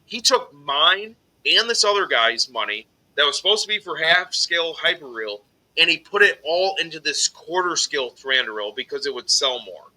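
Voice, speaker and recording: A man tells a grievance story on a live stream, his voice very bright and slightly high. He swears constantly and gets loud when he acts out what he said back. It sounds like relaxed, unscripted chat among friends. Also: moderate pace, poor audio. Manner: heated, profane storytelling, voices his own outbursts loudly. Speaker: podcast host telling a story.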